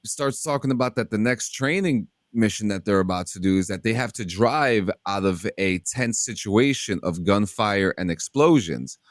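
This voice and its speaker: Animated, swearing man telling a story. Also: fairly low pitch, moderate pace, hardly any pauses, no room sound, studio quality. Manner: animated, profane, acts out shouted quotes. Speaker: podcast host. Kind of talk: casual storytelling chat.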